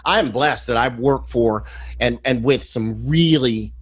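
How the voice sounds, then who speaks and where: Male sales coach, podcast guest, animated and emphatic, conversational. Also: medium pitch, a little slow, slightly rough. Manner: animated storyteller, emphatic, repeats words.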